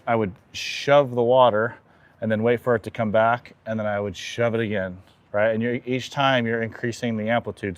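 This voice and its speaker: Softly calming a horse, this male equine chiropractor explains his hands-on demonstration in a calm way. He speaks with a fairly low pitch.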